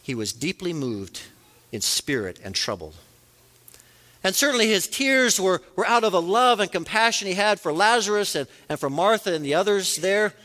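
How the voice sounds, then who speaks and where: A man's voice: high-pitched, expressive, moderate pace, sharp tone. A man preaching a sermon as a pastor, earnest, rising and falling for emphasis. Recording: long reverb of a large hall.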